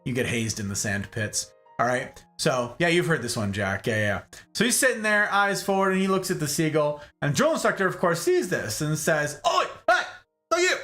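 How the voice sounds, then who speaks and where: A man's voice: a little high, moderate pace, faint music behind. A man hosting a stream, telling a story casually and animatedly, often tagging lines with "okay?". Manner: animated, rambling, keeps asking "okay?". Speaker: streamer host.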